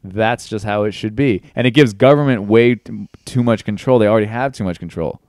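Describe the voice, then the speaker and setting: A man's voice: on the low side, a little fast, darkish tone, dry recording. A young man arguing politics on a casual podcast, rambling and swearing as he makes his point, into a studio mic with headphones. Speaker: podcast guest.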